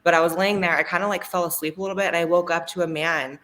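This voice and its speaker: A woman's voice: lowish voice, fairly even intonation, quick pace, fairly bright tone. A woman telling a story bluntly and with plenty of swearing in a casual group chat over a video call.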